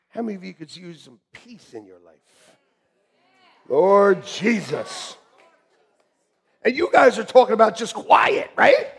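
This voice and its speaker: Pastor guy preaching, high gravelly voice, jokes around and laughs a lot. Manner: animated, laughing, jokey preaching. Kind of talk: sermon.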